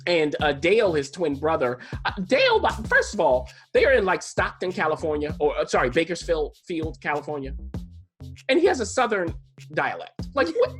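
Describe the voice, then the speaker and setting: A man's voice: on the high side, wildly swooping pitch, normal speed, a bit bright, soft background music. Chatty man rambling through a TV review. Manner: chatty, enthusiastic, rambling with frequent restarts. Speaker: podcast co-host reviewing TV. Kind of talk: casual TV review chat.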